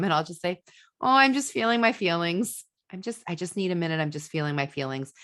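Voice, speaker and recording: A woman hosting a podcast, giving casual parenting advice with fillers and restarts, acting out venting voices. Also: low-pitched. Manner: animated, acts out venting voices. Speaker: podcast host and ADHD parenting coach.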